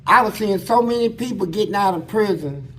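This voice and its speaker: A man with a high voice for a man tells stories in a loose, casual way. His slang is blunt and crude, and he acts out other people's lines along the way. A faint hiss sits under his speech. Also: lively intonation, brisk, fairly bright tone. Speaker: interview guest. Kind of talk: casual storytelling about prison life.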